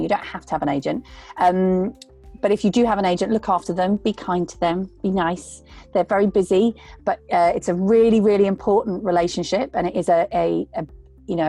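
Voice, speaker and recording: Woman voice actor, warm and mellow tone, earnest and rambling advice. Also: on the low side, creaky, husky. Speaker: voice actor guest. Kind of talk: casual interview talk.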